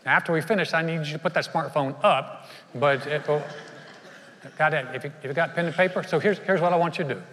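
The long echo of a large church hall surrounds this male preacher, whose fairly high, slightly bright voice moves fairly quickly. His sermon is earnest and conversational, and he poses questions directly to the congregation.

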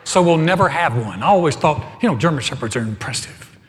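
A middle-aged man preaching as pastor, telling a humorous story with animated swings from loud to soft. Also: a little high, fast talker. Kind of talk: humorous sermon. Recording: hall reverb.

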